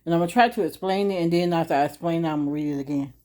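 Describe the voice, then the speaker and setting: This woman teaches the Bible informally to a camera, chatting and repeatedly asking "right?" When she reads scripture she slows down and goes deliberately; her pitch is fairly low and her tone slightly mellow.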